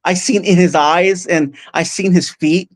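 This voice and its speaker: Man, earnest, emotional, halting speech, lots of restarts, close mic. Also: sits high, fairly even intonation. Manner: halting, full of restarts and fillers. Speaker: guest. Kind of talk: casual personal storytelling. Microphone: close podcast mic.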